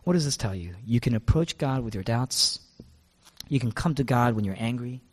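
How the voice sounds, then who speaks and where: A man's voice: mid-range voice, lively intonation, normal speed, in a large hall. A male pastor preaching a sermon, asking rhetorical questions and repeating his key phrases.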